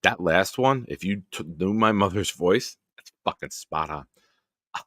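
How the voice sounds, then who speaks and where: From his home basement, a man hosts a football fan livestream, rambling and swearing casually. He has a low voice with lively intonation, speaks unhurriedly and a bit brightly, and the clean studio sound has no room sound.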